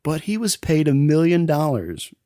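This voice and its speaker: A man's voice: fairly high pitch, very animated, dark tone, no echo. Man, podcast host, casual movie recap, laughs a lot, mimics lines, dry close sound. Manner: laughs often, acts out film lines in quick voices.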